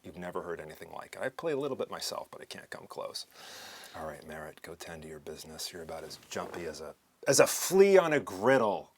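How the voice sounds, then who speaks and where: A man's voice: extremely low pitch, quick pace, fairly bright tone, slight background noise. An actor playing a wry, flirtatious man who teases in an easygoing way, in a stage scene. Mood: teasing. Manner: teasing, wry.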